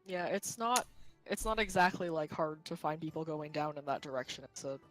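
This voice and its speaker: A woman with a fairly low voice chats easily as a tabletop player. Her talk is relaxed and casual. Faint music sits behind her. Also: brisk, poor audio.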